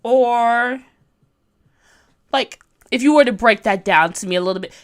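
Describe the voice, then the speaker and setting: A webcomic artist in her thirties streams a tutorial, bubbly and giggly as she reads viewer comments, rambles, and jokes about herself. Her voice is on the high side and her pace measured.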